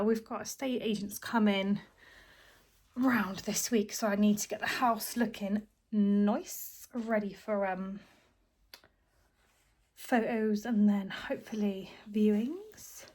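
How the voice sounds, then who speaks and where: A woman's voice: medium pitch, measured pace. A woman, a homemaker and mother, chatting casually at home in a vlog, tired and rambling with plenty of ums.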